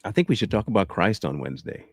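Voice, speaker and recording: Male host, low and lively, loose rambling chatter, dry close sound. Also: fast talker, no echo. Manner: rambling, repeats himself, chuckling. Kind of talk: casual livestream sign-off chat.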